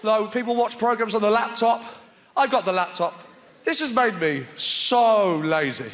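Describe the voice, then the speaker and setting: High-voiced man doing stand-up in a hall. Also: moderate pace. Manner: animated, shouting bits and put-on voices. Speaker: stand-up comedian. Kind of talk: stand-up comedy routine. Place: large theatre stage with live audience. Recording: echoey hall with crowd noise.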